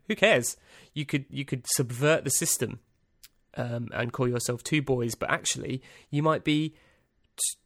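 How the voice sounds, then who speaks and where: Male podcast host, unhurried, deadpan and rambling, close dead-room mic. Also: medium pitch, no room sound. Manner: rambling, dry, self-amused, lots of ums and uhs. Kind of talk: casual solo podcast monologue.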